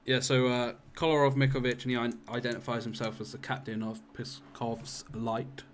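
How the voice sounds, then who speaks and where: A man's voice: medium pitch, little pitch movement, normal speed, a little hiss or hum. A man narrating a tabletop role-playing game as game master, talking loosely with lots of fillers. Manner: loose, rambling, full of fillers.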